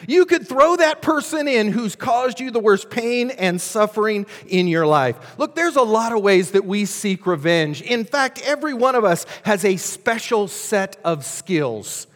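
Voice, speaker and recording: Dramatic preacher with a high voice. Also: male voice, lively intonation, unhurried, few pauses, fairly bright tone. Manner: dramatic, dynamic delivery with acted voices. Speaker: pastor. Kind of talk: sermon. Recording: long hall reverb.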